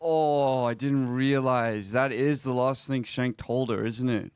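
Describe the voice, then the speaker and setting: A man streaming a roleplay game, reading in-game messages aloud slowly and reacting to them in a quiet, reflective way, with sighs between lines. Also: mid-range voice, clear, resonant tone, no room sound, clean studio sound.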